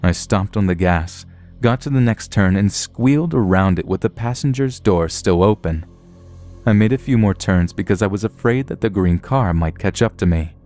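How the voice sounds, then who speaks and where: Deep-voiced man narrating horror stories. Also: animated, moderate pace, darkish tone, faint music behind. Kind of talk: scripted horror story narration.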